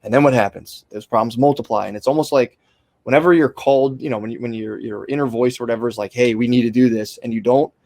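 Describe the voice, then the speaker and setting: A man's voice: medium pitch, fast talker, darkish tone, no room sound. A young man in casual podcast conversation, rambling with restarts and fillers and swearing freely. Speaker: podcast host.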